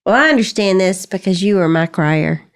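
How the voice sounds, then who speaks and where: A woman's voice: on the low side, lively intonation, a little fast, clear, resonant tone. An older woman hosting a podcast, giving chatty, reassuring motherly advice in casual conversation. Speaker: podcast host answering parenting questions. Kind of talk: casual chat.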